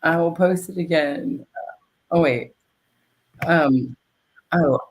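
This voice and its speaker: A woman's voice: low voice, slow pace, poor audio. A woman hosting a livestream in casual chat, rambling and profane, laughing often between her words. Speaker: livestream host.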